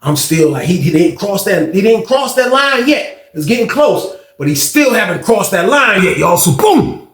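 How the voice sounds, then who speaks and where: A young man telling a story casually, animated and slangy, talking straight to his listeners. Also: high voice, normal speed. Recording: roomy echo.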